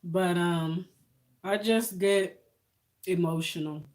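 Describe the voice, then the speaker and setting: A woman's voice: lowish voice, takes it slowly, darkish tone. A woman, chatting on a live stream, emotional and thankful, laughing often. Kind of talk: casual live-stream chat with viewers.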